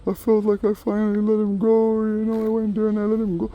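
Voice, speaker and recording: A man mimicking a grown man who fakes crying, in a high, strained falsetto whine that is drawn-out and self-pitying. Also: completely flat delivery, muffled recording, natural voice. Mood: fake sobbing. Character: grown man fake-crying, whiny and theatrical.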